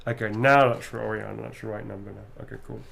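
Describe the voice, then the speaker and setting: Playful gravelly man. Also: fairly low pitch, steady tone, fast, fairly bright tone. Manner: playful, theatrical, quotes lines in a sultry voice. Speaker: actor signing autographs. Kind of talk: casual livestream chat.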